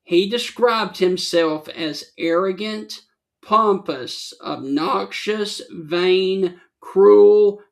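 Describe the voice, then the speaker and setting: A man co-hosting a sports talk show, reading notes aloud in a measured way. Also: a little high, vocal fry.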